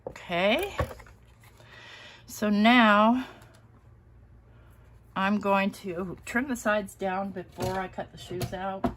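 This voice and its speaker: A woman's voice: medium pitch, slow, pauses often, fairly bright tone, a little hiss or hum. A woman hosting a casual live crafting stream, chatty and self-deprecating, often laughing at herself. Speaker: crafting channel host.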